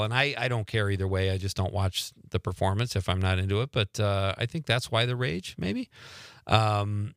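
A man hosting a radio talk show, chatty and quick to laugh, on a studio mic. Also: lowish voice, a bit bright, dry recording. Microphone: studio microphone.

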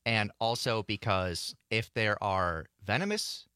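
A man working the board and co-hosting a radio show, speaking in a measured, matter-of-fact way. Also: fairly low pitch, animated, pushed and bright, clean tone, no room sound, studio quality. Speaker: radio board operator and co-host. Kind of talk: casual radio chat. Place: radio studio. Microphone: studio microphone.

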